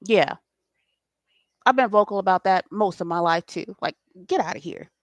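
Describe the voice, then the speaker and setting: A woman's voice: mid-range voice, lively intonation, normal speed, no room sound. A woman, hosting a spiritual late-night talk in an impassioned, preachy way and swearing freely. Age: 40s. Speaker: spiritual host.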